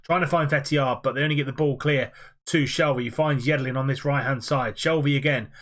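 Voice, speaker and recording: A young man giving play-by-play football commentary over his own video game matches, quick and fluent with frequent "uh" fillers. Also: mid-range voice, fairly even intonation, fairly bright tone.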